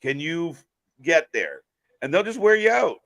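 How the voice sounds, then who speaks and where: A man's voice: a little high, sing-song, moderate pace, gravelly, fairly bright tone. A man hosting a live wrestling stream, chatting casually, joking and speaking straight to viewers. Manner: jokey, addresses viewers directly. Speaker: host.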